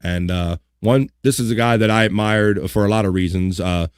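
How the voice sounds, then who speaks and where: A man's voice: fairly low pitch, normal speed, clean tone, no room sound, clean studio sound. A man hosting a live online talk show, chatting casually and reading out history items with joking asides. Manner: relaxed, joking asides, reads items aloud. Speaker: livestream host.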